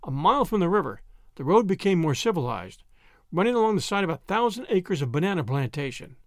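A man reading an audiobook aloud with lively, swinging intonation. His voice sits high and carries a gravelly rasp. The recording is dry and close. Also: fairly quick, no echo. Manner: animated reading. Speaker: narrator. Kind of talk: audiobook narration.

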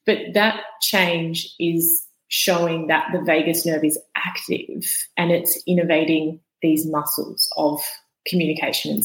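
A woman's voice: low voice, reverberant, low-quality recording. A woman guest on a podcast, patiently explaining ideas and sometimes demonstrating how voices sound. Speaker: podcast guest, vagus nerve educator.

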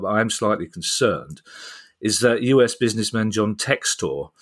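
A man hosting a podcast, bantering with his co-host in a wry, jokey way and introducing stories. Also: lowish voice.

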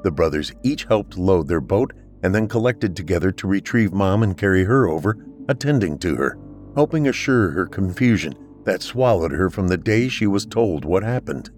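Man, podcast storyteller, very low voice, measured scripted narration. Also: lively intonation, darkish tone, soft background music.

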